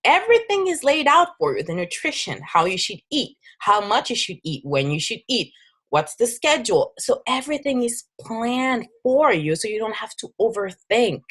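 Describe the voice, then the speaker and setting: A woman's voice: fairly high pitch, big pitch swings, normal speed, a bit bright, husky. Upbeat woman with a French accent. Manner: upbeat, persuasive, with frequent restarts. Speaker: fitness business coach. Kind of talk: casual recruiting presentation.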